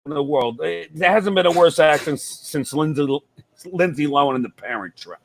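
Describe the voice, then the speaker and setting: Animated man spinning a wild story. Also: fairly high pitch, fairly quick, vocal fry, no room sound. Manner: animated, profane, emphatic storyteller. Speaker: guest. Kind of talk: casual storytelling interview. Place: club stage.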